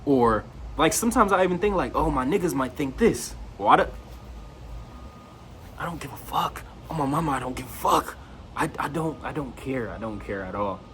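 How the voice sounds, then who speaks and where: A man's voice: medium pitch, fairly bright tone, a little hiss or hum. A young man talking straight to camera in a loose, slangy monologue, raising his voice when he quotes his friends. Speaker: vlogger.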